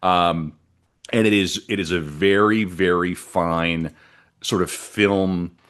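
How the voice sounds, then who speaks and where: A man with a deep, low-pitched voice talks through a history podcast in a casual way. He rambles, reads bits from his notes and drifts into side comments. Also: fairly even intonation, slow pace, a bit bright. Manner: chatty and rambling, reads from notes, breaks off into asides. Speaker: podcast co-host presenting the history.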